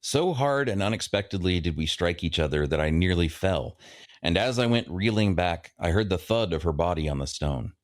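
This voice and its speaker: A man with a very low voice reads passages from a novel in a measured way. In discussion he sounds thoughtful and a little hesitant, feeling his way toward his points. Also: lively intonation, no room sound, studio quality. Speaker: podcast co-host. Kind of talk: reading aloud and casual book discussion.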